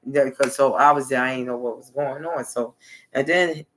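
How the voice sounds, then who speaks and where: A man hosts a live video stream in a steady, medium-pitched, slightly bright voice at a moderate pace. His monologue rambles and repeats itself, often trailing off mid-sentence, and there's a little hiss or hum.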